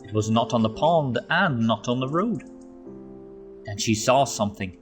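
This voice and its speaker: A man narrating a children's storybook aloud, expressive, slow and gentle. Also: medium pitch, faint music behind.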